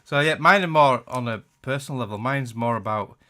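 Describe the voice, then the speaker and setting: A man with a Yorkshire accent, co-hosting a casual podcast chat, self-conscious and often trailing off quietly. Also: mid-range voice, fairly quick. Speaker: podcast co-host.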